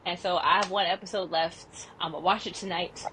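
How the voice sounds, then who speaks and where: A woman in her thirties co-hosting a podcast in casual chat, animated and expressive, laughing often as she tells stories. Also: on the low side, fairly quick, slight background noise. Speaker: podcast co-host.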